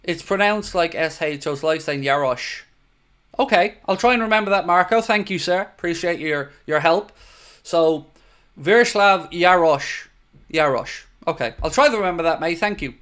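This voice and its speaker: A man's voice: a little high, normal speed, fairly bright tone. A young Irish man hosting a football watchalong stream, chatting casually and reading out viewer comments. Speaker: watchalong host.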